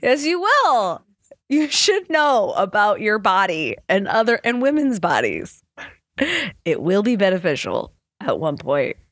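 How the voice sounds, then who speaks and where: A woman's voice: mid-range voice, huge pitch swings, a little slow, a bit bright, dry recording, studio quality. A woman hosting a podcast in a casual, rambling chat, often breaking into laughter. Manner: rambling, chatty, laughs easily. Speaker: podcast host.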